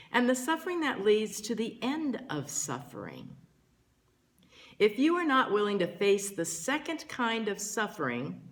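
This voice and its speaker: An older woman giving a slow, reflective spiritual talk as a teacher, gentle and earnest, pausing often between phrases. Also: mid-range voice.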